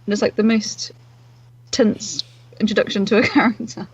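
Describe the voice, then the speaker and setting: A woman co-hosting a film podcast, chiming in quickly during the chat. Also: mid-range voice, fairly even intonation, breathy edge. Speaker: podcast co-host. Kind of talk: casual film review chat. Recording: dull lo-fi audio.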